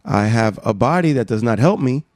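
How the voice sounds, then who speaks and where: A man preaching a sermon, emphatic, swinging from soft asides to raised exhortations. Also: mid-range voice, expressive, moderate pace, dry recording, studio quality.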